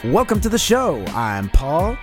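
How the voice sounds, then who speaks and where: A man co-hosting a casual podcast with a hoarse, worn-out voice, laughing often and poking fun at himself. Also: fairly high pitch, huge pitch swings, a little slow, over loud music. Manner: laughs often, self-deprecating. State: hoarse, voice going from yelling. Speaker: podcast co-host.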